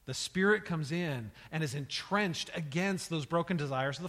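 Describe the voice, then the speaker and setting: A man's voice: a little high, normal speed, hardly any pauses, fairly bright tone, big-room sound. A male pastor preaching a sermon with an emphatic manner, often repeating words and building in intensity.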